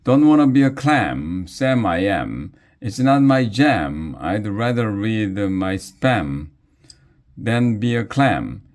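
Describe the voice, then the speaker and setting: A man's voice: lowish voice, sing-song, slow pace, a little mellow. A man voicing a brash male rapper in a mouse costume who raps clumsy rhymes in a children's story. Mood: rapping boastfully. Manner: rhythmic, rapping.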